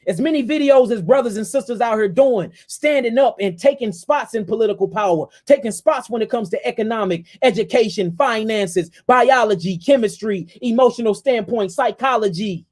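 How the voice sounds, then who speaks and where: A man's voice: very high voice, moderate pace, a little mellow. A man giving a fiery, impassioned lecture to his viewers, ranting and repeating himself and calling them family. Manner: addresses listeners as family and y'all. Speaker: host.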